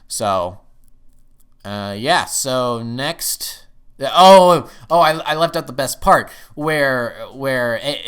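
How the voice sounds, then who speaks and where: A man reviewing a TV episode in casual talk. He rambles and sometimes jumps up excitedly. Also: medium pitch, slow pace, clear, resonant tone.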